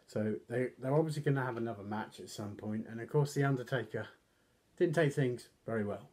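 A man talks loosely through a wrestling recap, circling back with fillers and poking fun at himself. His voice is husky and breathy, at a middling pitch, with occasional coughs. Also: fairly quick, darkish tone. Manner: rambling, self-deprecating, coughs often. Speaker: wrestling reviewer. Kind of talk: casual recap.

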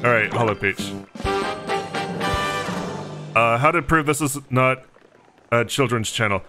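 A man's voice: medium pitch, measured pace, over loud music. A man from Texas giving casual, joking gameplay commentary with chatty, self-mocking asides. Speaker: let's play host.

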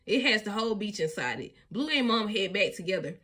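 A woman reading a children's storybook aloud in an expressive, sing-song way, often laughing along. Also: medium pitch, fairly quick, breathy edge. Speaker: storybook reader.

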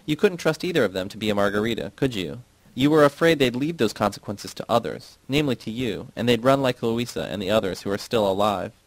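A man's voice: lowish voice, lively intonation, quick pace, no echo, low-quality recording. A man reading the part of an earnest male worker who argues his case defensively. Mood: arguing.

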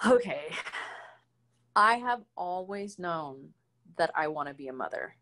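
A woman speaking as an interview guest in a casual conversation, candid and expressive as she tells personal stories. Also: on the low side, unhurried. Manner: candid and expressive, animated storytelling.

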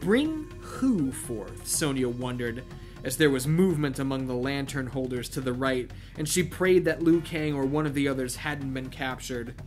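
Man reading a novel with wry asides. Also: fairly high pitch. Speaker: channel host reading a novel aloud. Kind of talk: comedic novel read-through with commentary.

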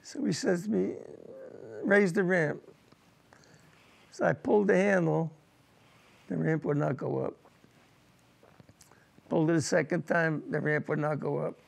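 Gravelly older veteran recalling war. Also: male voice, on the high side. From United States. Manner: emotional, halting recollection with repeated words. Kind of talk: personal war testimony.

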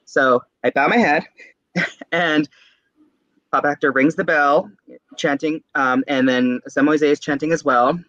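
Brief: young adult man, interview guest, bright tense voice, lively storyteller who laughs and mimics, slightly muffled dry audio. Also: a little high, measured pace, long pauses, dry recording. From San Diego, California. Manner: animated storyteller, acts out voices, laughs often. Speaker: guest, tarot reader.

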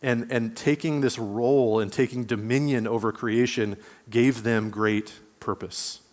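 A man's voice: medium pitch, fairly even intonation, measured pace, a little mellow. A man preaching a sermon as pastor, speaking conversationally and reading scripture aloud. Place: church sanctuary. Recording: long church hall reverb.

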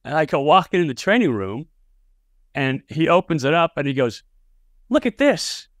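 In studio-quality audio free of room sound, a podcast host and analyst with a higher voice speaks fairly quickly. He interviews a coach on his sports show, casually trading anecdotes, and becomes lively when launching into a story.

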